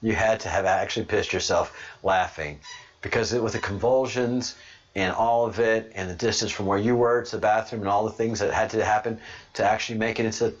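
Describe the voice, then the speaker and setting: A man from Ireland hosting a podcast, talking casually in an animated, rambling way and laughing often. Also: on the low side, a little fast. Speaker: podcast host. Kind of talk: casual monologue. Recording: dull lo-fi recording.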